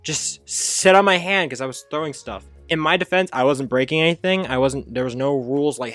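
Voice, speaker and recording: A man casually telling a funny childhood story, rambling with fillers and self-corrections and jumping up high when he acts out his younger self. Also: fairly quick, few pauses, fairly bright tone, dry recording, faint music behind. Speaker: storyteller host.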